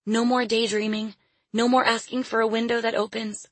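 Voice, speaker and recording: A woman's voice: a little high, flat delivery, normal speed, a bit bright, no echo, voice pushed up. A woman voicing a frightened little girl who prays desperately in a pleading, tearful way.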